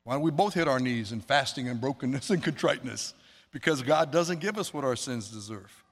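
A man preaching a sermon, earnest, slowing down to stress words and quoting scripture. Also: medium pitch, expressive. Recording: long hall reverb.

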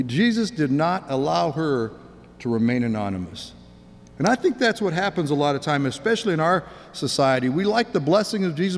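Higher-voiced man preaching in a hall. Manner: earnest, repeats and restarts words. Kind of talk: sermon.

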